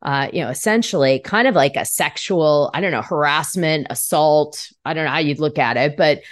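Woman podcast host, casual and chatty, lowish pitch, dry close sound. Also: moderate pace, dry recording. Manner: chatty, laughs often.

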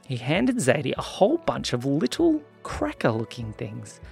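Man, children's story narration, animated delivery, faint music. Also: medium pitch, normal speed, vocal fry, few pauses, breathy edge. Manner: lively, animated reading.

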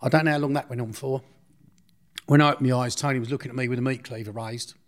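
A man's voice: mid-range voice, steady tone, fast talker. A man recounting a personal story in an interview, blunt and slangy, often restarting his sentences.

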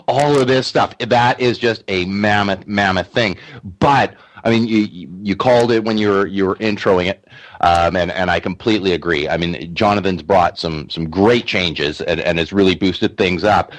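A man co-hosting a radio talk show, chatting in an easygoing way. He hesitates often, repeating words and adding fillers. His voice sits on the low side. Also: moderate pace.

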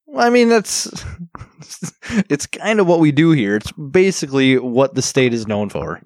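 A man's voice: medium pitch, a little slow, no room sound, clean studio sound. A man from Wisconsin co-hosting a casual beer podcast, telling stories and acting out what people say. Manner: animated, acts out quotes in other voices. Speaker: podcast co-host. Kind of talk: casual chat.

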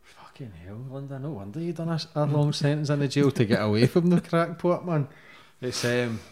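A man's voice: a little high, lively intonation, a little fast, darkish tone. A man hosting a podcast, asking blunt questions and swearing freely. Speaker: podcast host. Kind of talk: interview questions.

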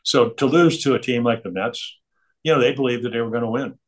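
A man's voice: mid-range voice, fairly quick. An older man, a guest on an interview, telling chatty, digressive stories and chuckling between them. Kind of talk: rambling anecdotal storytelling.

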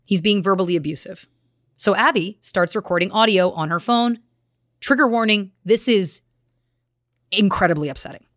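A woman's voice: medium pitch, moderate pace, pauses often, a bit bright, dry recording, clean studio sound. A woman co-hosting a true crime podcast, reading case details with earnest, grave emphasis. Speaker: podcast co-host.

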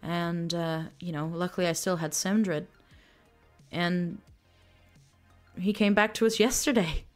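A woman's voice: on the low side, fairly even intonation, unhurried, pauses often, soft background music, natural voice. A woman voicing a glamorous, flirtatious alien woman bartender who calls people darling in a sweet, teasing way. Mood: gossipy.

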